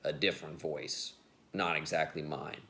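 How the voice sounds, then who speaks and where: A man's voice: rumbling low, fairly even intonation, moderate pace, sharp tone, a little hiss or hum. An adult man telling a story in a casual, rambling monologue, laughing often and restarting sentences as he hosts his show.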